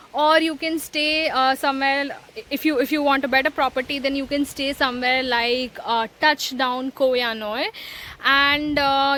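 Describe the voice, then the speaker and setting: Woman vlogging her trip, slow and easygoing, lots of ums, kinda high voice. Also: low-quality recording. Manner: relaxed, many fillers and pauses. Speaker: travel vlogger. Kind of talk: casual travel vlog narration. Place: hostel room and outdoors on an island.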